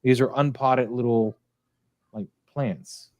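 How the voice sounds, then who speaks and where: A man's voice: medium pitch, steady tone, takes it slowly, a little mellow, no room sound. A man hosting a casual livestream chat, rambling with many fillers in a friendly way. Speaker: podcast host.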